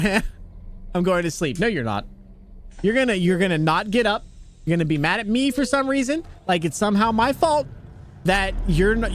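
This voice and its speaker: A man's voice: sits high, a little hiss or hum. A man streaming a trucking game live, chatting casually with viewers, swearing often and throwing out playful mock threats. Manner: excitable, profane, mock-threatening, talks to chat. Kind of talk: casual live-stream chat while playing.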